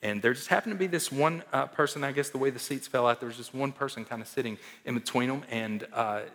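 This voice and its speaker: A man delivers a sermon from the pulpit of a church. His voice sits in a middle register and swings between forceful emphasis and hushed phrase endings. A long reverb from the large sanctuary trails his words. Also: mid-range voice. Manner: emphatic, swings between loud stresses and soft drops. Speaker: pastor.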